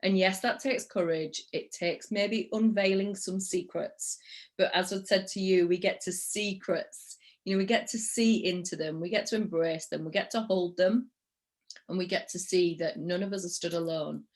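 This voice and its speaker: A woman's voice: lowish voice, fairly even intonation, moderate pace, darkish tone. A woman hosting a live-streamed interview in an enthusiastic, encouraging, spiritual tone. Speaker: podcast host.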